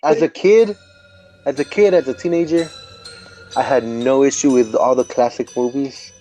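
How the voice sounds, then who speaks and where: A man's voice: medium pitch, normal speed, mellow, faint music behind. A man chatting as a podcast guest, easygoing and self-deprecating. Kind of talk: casual chat.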